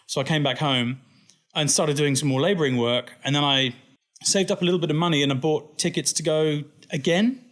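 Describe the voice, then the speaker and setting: A man's voice: on the high side, fairly quick. A man, a company founder chatting as an interview guest and acting out the people in his stories with a laugh. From England. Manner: animated, laughing storyteller who acts out quoted people. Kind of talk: casual interview storytelling.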